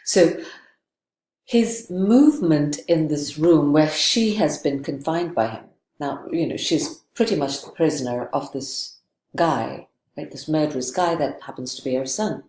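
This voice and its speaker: A woman's voice: sits low, a little slow, darkish tone, roomy sound. A woman giving a literature lecture, thoughtful and digressive, often checking in with "right?". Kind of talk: recorded lecture.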